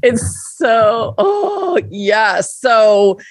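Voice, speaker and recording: A middle-aged woman speaking as a podcast guest, telling her story in an expressive, reflective way. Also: a little high, extremely slow, dry recording, clean studio sound. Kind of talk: conversational interview.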